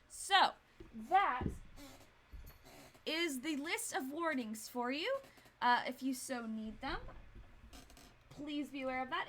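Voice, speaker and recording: This woman's voice is on the high side, bright and forceful. In her twenties, she streams a video game and gives casual, rambling commentary full of fillers.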